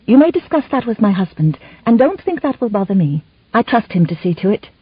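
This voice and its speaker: A woman's voice: medium pitch, fairly quick, breathy edge, no room sound, voice pushed up. Woman voicing a spirited young noblewoman. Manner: earnest, animated, formal speech. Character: young noblewoman, warm and eager bride. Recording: slightly muffled dry recording.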